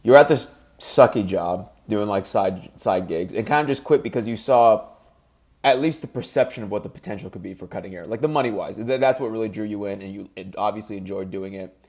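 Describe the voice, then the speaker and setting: A man's voice: lowish voice, brisk, a little mellow. A man hosting a podcast, summing up his guest's story and asking follow-up questions. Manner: summarizing, asks follow-up questions. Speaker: podcast host. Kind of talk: casual interview.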